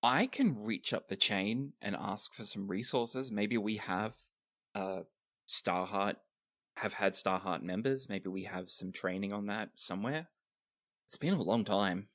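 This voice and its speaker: A game master voicing Kieran, a concerned, calm man who mentors the heroes, in a tabletop game. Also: low voice, a little slow, no echo, clean studio sound. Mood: measured.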